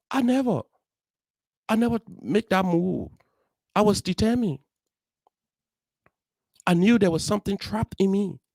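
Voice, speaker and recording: Brief: Liberian English man, young adult, motivational host, earnest storyteller, slightly high voice, dry close sound. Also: a little mellow, no room sound. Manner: earnest, heartfelt, acts out dialogue. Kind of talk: personal storytelling.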